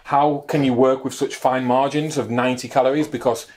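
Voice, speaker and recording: A man's voice: medium pitch, steady tone, a little fast, darkish tone. A man, co-hosting a casual fitness podcast, rambling and swearing as he mocks himself. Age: 30s. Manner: rambling, sweary, self-mocking. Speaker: podcast co-host. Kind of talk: casual banter.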